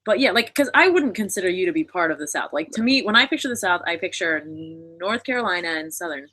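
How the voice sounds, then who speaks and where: A young woman hosts a relaxed chat with a friend at her home. She talks eagerly and often cuts in. Her voice sounds bright and crisp. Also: on the low side, quick pace. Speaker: host. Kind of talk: casual chat.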